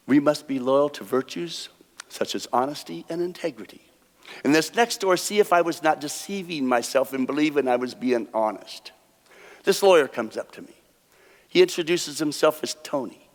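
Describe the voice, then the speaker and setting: A man with a fairly high voice spins folksy tales while working cards live on a theater stage. He chuckles at his own punchlines, and his words ring out with the long reverb of a big hall. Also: animated, normal speed. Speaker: stage card magician. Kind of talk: live stage storytelling with card tricks. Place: theater stage before an audience.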